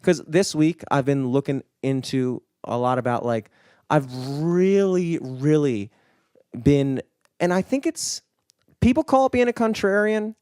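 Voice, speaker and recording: A man's voice: fairly high pitch, expressive, unhurried, darkish tone, smooth, no echo, studio quality. A man co-hosting a podcast in casual chat, rambling and swearing, with lots of filler words. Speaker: podcast co-host. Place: studio.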